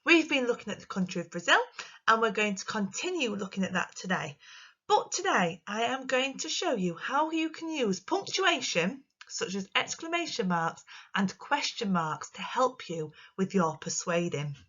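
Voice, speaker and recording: A woman teacher, giving a recorded lesson to young children in an expressive, sing-song way. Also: mid-range voice, moderate pace, lo-fi sound. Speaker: primary school teacher.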